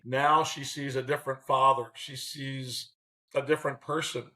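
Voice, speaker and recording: A man in his sixties, an interview guest telling lively stories and acting out the people in them. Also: medium pitch, moderate pace, poor audio. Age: 60s. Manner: animated, acts out quotes. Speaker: guest, former baseball manager. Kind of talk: interview storytelling.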